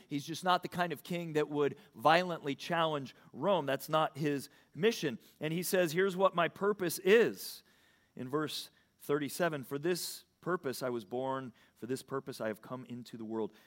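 This is a man giving a sermon as a pastor, speaking in a mid-range voice. His manner is sincere yet hesitant, and he often breaks off to begin a sentence again.

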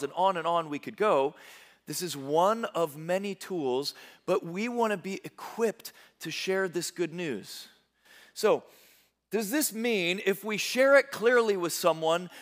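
Guy preaching a sermon, kinda high voice, goes quiet then loud, repeats words a lot. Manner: animated preaching, swinging from hushed low lines to loud high bursts; stumbles into quick word repeats. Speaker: pastor.

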